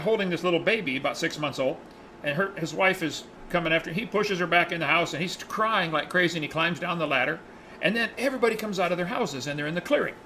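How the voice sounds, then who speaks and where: A man leading a Bible study, telling a story in a lively, animated way. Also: sits high, slight background noise, poor audio. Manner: animated, acts out the characters' lines in his retelling.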